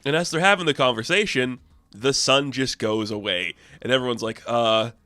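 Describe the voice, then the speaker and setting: A man talks through a comic book issue in a loose, excitable way, full of fillers and quick laughs. His voice is bright and forward. The recording is dry and close, with no room around it. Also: medium pitch, no room sound. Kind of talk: casual comic recap.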